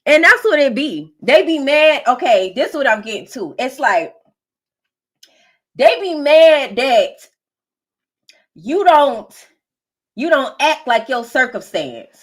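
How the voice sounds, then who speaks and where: A woman's voice: high voice, very animated, slow, pauses often. A woman giving an emphatic, preachy collective tarot reading, laughing often. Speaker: tarot reader.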